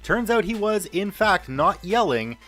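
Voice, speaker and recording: A man's voice: high-pitched, very animated, a little slow, fairly bright tone, faint music behind. A man hosting a podcast, reading stories aloud and acting out the quoted lines. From Canada.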